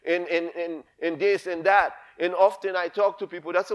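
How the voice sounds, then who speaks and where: High-pitched guy preaching hard, repeats stuff for emphasis. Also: steady tone, moderate pace, few pauses, clear, resonant tone. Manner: impassioned, emphatic, repeats himself. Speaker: pastor. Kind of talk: sermon.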